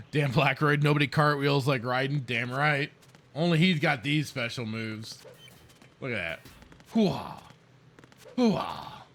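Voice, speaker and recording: A man's voice: mid-range voice, unhurried, fairly bright tone. A man streaming a video game, making sarcastic jokes and talking to his chat as he plays. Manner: joking, sarcastic, talks to chat. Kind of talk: let's-play commentary.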